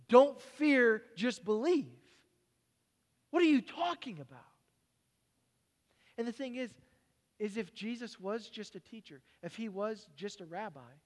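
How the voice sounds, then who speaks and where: Male pastor, sermon, high voice, animated storytelling, long hall reverb. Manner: animated storytelling, dropping to quiet, halting personal reflection.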